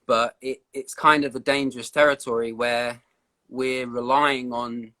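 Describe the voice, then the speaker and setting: Man, live-stream guest, bright, crisp tone, measured, thoughtful. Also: medium pitch, flat delivery. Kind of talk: casual live-stream chat.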